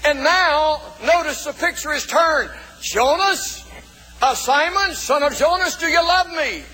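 A male pastor preaching a sermon in a folksy way, calling out to the congregation and shouting for emphasis. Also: very high voice, measured pace. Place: church. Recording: long reverb of a church hall.

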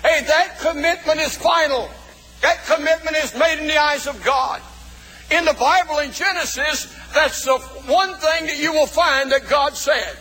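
A male pastor preaching a sermon in a folksy way, calling out to the congregation and shouting for emphasis. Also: extremely high pitch, measured pace. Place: church. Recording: long reverb of a church hall.

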